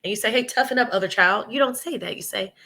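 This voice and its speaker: A woman's voice: a little high, fast, bright, forceful tone. A woman, telling her story animatedly in a casual interview and acting out the voices of people she quotes. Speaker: preschool owner and guest. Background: children nearby at home.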